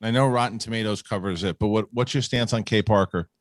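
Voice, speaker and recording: A man's voice: fairly low pitch, fast, no echo, clean studio sound. A male host in casual live-show banter who relaxedly directs the segments.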